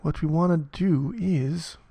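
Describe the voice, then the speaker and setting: A man's voice: a little high, slow, gravelly, warm tone, breathy edge. A man narrating a casual coding tutorial as he types, muttering, swearing often and mocking himself. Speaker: programming tutor.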